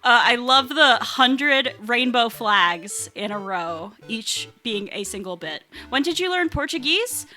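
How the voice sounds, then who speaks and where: Bright, animated young woman streamer. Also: a little high, slow pace, hardly any pauses, faint music behind. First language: English. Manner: playful and giggly. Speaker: VTuber streamer. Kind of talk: casual livestream self-introduction.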